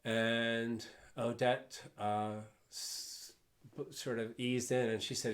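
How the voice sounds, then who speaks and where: A man's voice: medium pitch, flat delivery, slow. An older man, a guest speaker, telling fond, rambling anecdotes and chuckling along the way. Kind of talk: anecdotal storytelling.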